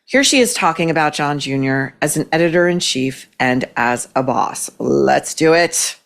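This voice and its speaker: A woman's voice: deep voice, animated, moderate pace, creaky, a crowd in the background. A woman hosting a commentary podcast, talking in a sarcastic, cutting way. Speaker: podcast host. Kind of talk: opinionated commentary.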